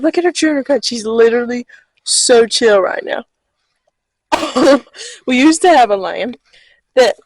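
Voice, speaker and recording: A woman shepherdess chats to her camera from a sheep pen outdoors, loose and rambling with plenty of "like." Her voice sits a little high and has a husky, breathy texture. She sounds recorded on a handheld camera. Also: no room sound, rough recording. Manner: chatty, full of "like", cooing at animals. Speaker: shepherdess vlogger. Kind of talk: casual vlog chat.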